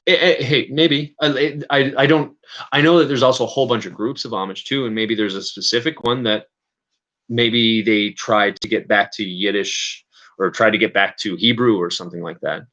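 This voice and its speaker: A Canadian man hosts a casual livestream chat in a lowish, fairly bright voice at a moderate pace. He rambles and hesitates, often restarting and correcting himself with many fillers, and the sound is lo-fi.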